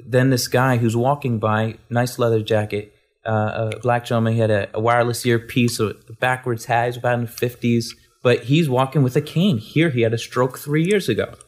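Male guest minister, rambling testimony storyteller, average pitch. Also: fairly even intonation, moderate pace. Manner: rambling, full of restarts.

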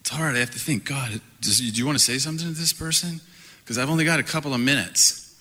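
A middle-aged man preaching a sermon, animated and playful, laughing often as he talks. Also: medium pitch, quick pace. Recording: hall reverb.

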